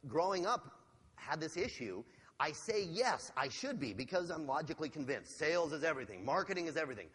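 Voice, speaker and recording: A sales trainer giving a motivational seminar talk to a live audience, energetic and asking the audience questions. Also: male voice, on the high side, a little fast, breathy edge. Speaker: sales trainer and keynote speaker. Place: large hall with a live audience. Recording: long hall reverb.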